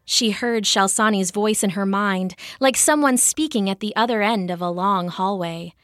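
Slow, bright-voiced woman storyteller. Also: medium pitch, no room sound, studio quality. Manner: expressive, measured. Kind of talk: children's fantasy story narration.

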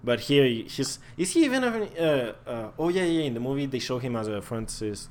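A young man in a casual podcast chat, talking in a relaxed way and often trailing off mid-thought. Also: mid-range voice, a little fast.

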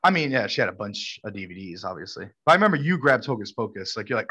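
A man's voice: fairly low pitch, big pitch swings, quick pace, few pauses, pushed and bright, breathy edge, lo-fi sound. A man from Brooklyn co-hosting a podcast, telling a story between friends and laughing often. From Brooklyn, New York. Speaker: podcast co-host. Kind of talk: casual storytelling chat.

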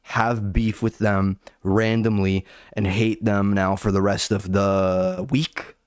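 A man's voice: on the low side, level tone, takes it slowly, smooth, no echo, clean studio sound. A young man ranting casually and sarcastically, swearing a lot and calling everyone "dude.". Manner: sarcastic, profane, says "dude" constantly. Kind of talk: casual comedic rant.

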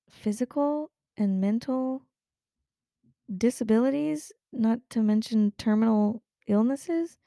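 Young woman host, casual chat, warm mellow voice, dry close sound, swears freely, laughs a lot. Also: a little high, no echo. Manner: profane, frequent laughter, animated venting.

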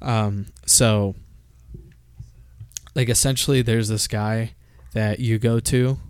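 Smooth-voiced man ranting about games. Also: lowish voice, fairly even intonation, slow pace, dry recording. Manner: profane, ranting, laughs often. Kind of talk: casual gaming chat.

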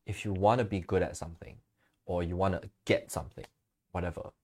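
A man's voice: deep voice, a little fast. A man co-hosting a podcast, chatting casually, telling stories and acting out quotes with easy laughs. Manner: relaxed storytelling, laughs easily, acts out quotes. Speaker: podcast co-host.

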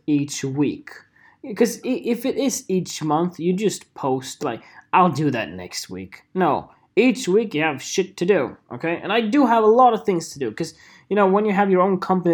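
A young man from Sweden with a Swedish accent, talking casually to camera as a photographer in a rambling, jokey vlog monologue. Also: on the high side. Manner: rambling, animated, jokey asides with playful voices.

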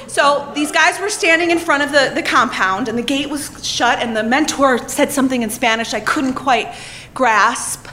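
A woman telling a comic personal story on stage, profane and animated, laughing as she talks. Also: sits high, moderate pace.

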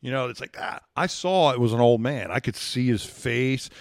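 A man, a podcast guest, telling a wild personal story in an animated, profane way. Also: mid-range voice, normal speed, no room sound, studio quality. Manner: profane, excitable, acts out dialogue. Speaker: guest, former combat controller.

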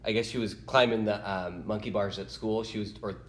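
A man's voice: fairly low pitch, fairly quick, echoey room. A man in his thirties, a podcast co-host, chatting casually and chuckling through a story about his daughter. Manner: lively, chuckling, swears mildly with "dude". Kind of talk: casual chat.

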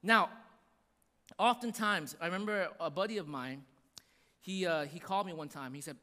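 A man's voice: high voice, normal speed, long pauses, sharp tone. A man preaching a sermon to a congregation, driving points home with repeated refrains and chatty asides. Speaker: pastor. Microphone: microphone. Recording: echoey hall reverb.

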